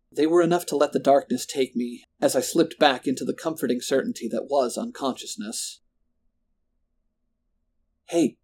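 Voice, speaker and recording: A man's voice: mid-range voice, a little mellow. Man telling a first-person horror story. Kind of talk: scripted horror narration.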